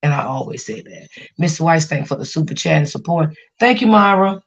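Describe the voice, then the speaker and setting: A woman's voice: sits low, lively intonation, fairly quick. A woman hosting a casual livestream, venting about family and reassuring her chat viewers, often repeating herself. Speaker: livestream host.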